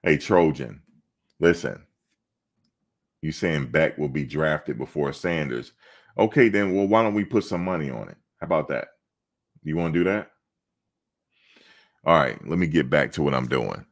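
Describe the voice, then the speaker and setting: A man with a very deep, gravelly voice hosts a sports livestream. He talks casually and answers the comments as they come in, teasing the chatters and pushing back at them. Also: animated, normal speed, long pauses. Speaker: sports channel host. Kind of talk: casual livestream chat, reading viewer comments.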